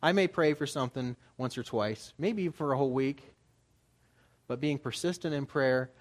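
A man's voice: mid-range voice, moderate pace. A man preaching as a pastor, in a conversational style that builds to emphatic urging. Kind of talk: sermon.

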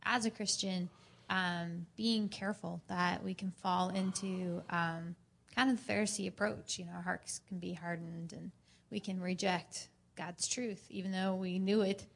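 A woman in a church group sharing an earnest personal testimony, telling her story in an animated way. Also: fairly low pitch, a little slow, gravelly.

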